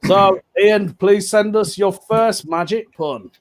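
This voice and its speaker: A man's voice: high voice, takes it slowly. A man hosting an online comedy show, chatty and jokey, laughing often. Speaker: host.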